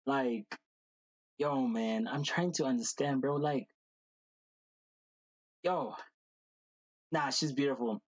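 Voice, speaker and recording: A man hosting a reaction video, talking casually and excitedly, gushing and repeating slang fillers. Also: mid-range voice, slow pace, pauses often, dry recording, highs cut off.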